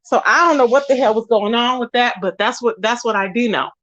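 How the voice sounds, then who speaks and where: Sassy high-voiced woman livestreamer. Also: brisk, muffled recording. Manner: animated, sassy, addresses viewers as child and baby. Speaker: livestream host. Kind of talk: casual livestream commentary.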